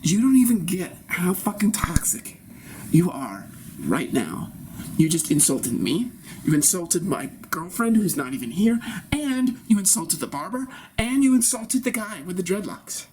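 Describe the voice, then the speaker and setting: A man's voice: sits high, sing-song, measured pace, darkish tone, a little hiss or hum, heavily acted. A man improvising an earnest, sensitive man who talks defensively and halts now and then. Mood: offended. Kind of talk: improvised comedy scene.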